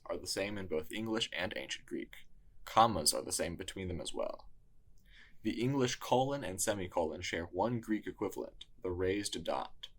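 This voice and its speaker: A man narrating a scripted language lesson in a measured teaching tone. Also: sits low, slightly rough. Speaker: tutor.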